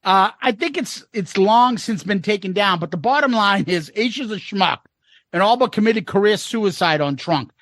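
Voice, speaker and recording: A man's voice: high-pitched, animated, normal speed, fairly bright tone, no echo. A man co-hosting a casual podcast, reading listener comments aloud with wry asides.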